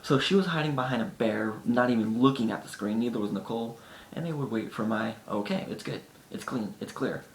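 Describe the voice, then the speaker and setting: A man telling casual stories to the camera in a chatty way, sometimes acting out his friends' lines. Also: brisk. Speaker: vlogger. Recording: echoey room with faint rumble.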